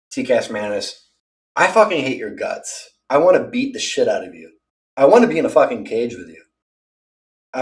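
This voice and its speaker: A man's voice: medium pitch, far from the mic. Profane, threatening man ranting off-mic. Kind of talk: angry rant to camera.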